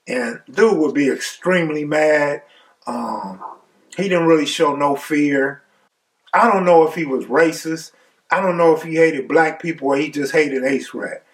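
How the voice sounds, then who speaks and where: A man's voice: medium pitch, moderate pace, far from the mic. Laid-back man telling a profane story. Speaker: vlogger telling a personal story. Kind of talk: casual storytelling.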